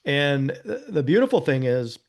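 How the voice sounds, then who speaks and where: A slightly high, sing-song male voice moves at a moderate pace. The speaker, a nonprofit founder and former police officer, is a guest on an interview, telling a personal story in an earnest, easygoing manner and often saying "you know" and "right?".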